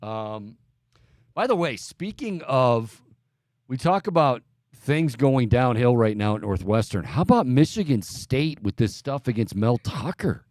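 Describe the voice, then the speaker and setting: A male sports radio host talks in a loose, chatty way, stumbling and restarting as he thinks aloud. His voice sits at an ordinary pitch, and it comes across close and dry with no room around it. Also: animated, measured pace, darkish tone, no echo. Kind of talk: casual sports talk radio.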